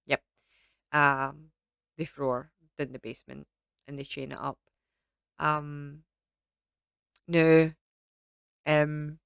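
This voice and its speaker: A Scottish woman chats her way through a film review, wandering off on tangents and filling gaps with ums. Her voice sits low and comes across smooth and clean. The sound is dry and close, with no room around it. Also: a bit bright, no room sound. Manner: rambling, lots of ums and asides. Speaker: vlogger reviewing films. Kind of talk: casual chatty film review.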